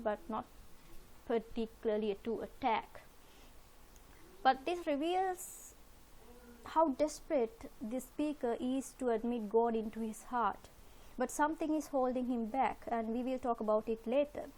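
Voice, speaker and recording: A woman with a fairly high voice teaching a literature lesson over slides. She explains step by step, patiently and methodically, circling back to repeat her points with plenty of "uh" fillers. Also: a little mellow.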